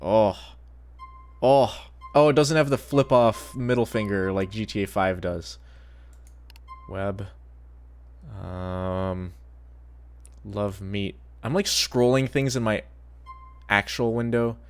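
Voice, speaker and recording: A man's voice: lowish voice, steady tone, takes it slowly, long pauses, smooth. A man streaming a game, giving crude, joking commentary and swearing often. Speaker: gaming streamer. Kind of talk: casual gameplay commentary.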